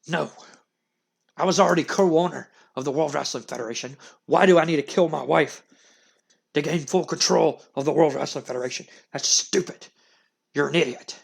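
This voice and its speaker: A man voicing an angry, shouting male wrestling company owner who hurls insults. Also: medium pitch, fairly quick, natural voice. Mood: angry, scornful.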